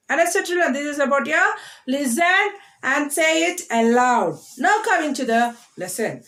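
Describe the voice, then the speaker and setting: A woman's voice: sits high, animated, fairly bright tone. A woman teaching a class to children, drilling words letter by letter and reading a lesson aloud with a coaxing tone. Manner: drills words slowly, spells them letter by letter; coaxing, asks "okay, children?" often.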